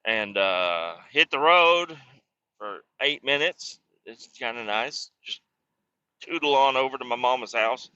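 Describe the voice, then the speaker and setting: A man's voice: mid-range voice, lively intonation, measured pace, pushed and bright, clear, resonant tone. A man in his thirties streaming a trucking game, chatting casually and telling rambling, profane stories. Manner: rambling, profane, laid-back. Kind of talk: casual gameplay chat and storytelling. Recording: slightly muffled dry mic.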